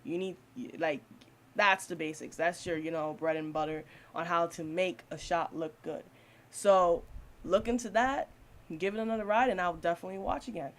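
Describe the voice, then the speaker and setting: A woman's voice: on the low side, moderate pace. A woman giving a casual, blunt spoken film review, swearing freely and laughing often.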